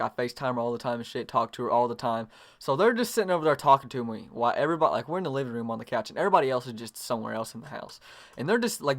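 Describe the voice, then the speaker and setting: A young adult man telling a long, rambling story to camera, full of profanity and fillers. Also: medium pitch. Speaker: vlogger.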